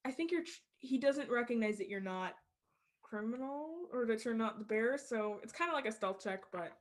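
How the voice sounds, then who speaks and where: A woman's voice: on the high side, animated, moderate pace. A woman narrating as game master of a tabletop role-play, casual with many fillers.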